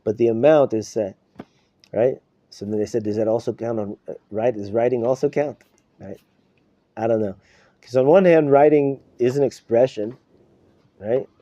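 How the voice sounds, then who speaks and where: A man's voice: medium pitch, normal speed, pauses often, warm tone. A middle-aged man, a rabbi, teaching an informal Torah class in a conversational way, often checking in with "right?". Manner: conversational, repeats words and asks "right?" often. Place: classroom in a study hall. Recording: dull live class recording.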